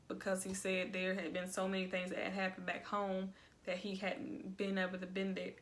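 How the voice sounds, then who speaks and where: A woman's voice: mid-range voice, fairly bright tone. Young woman, sassy, colloquial recap host with a casual chatty delivery. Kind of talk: casual video review.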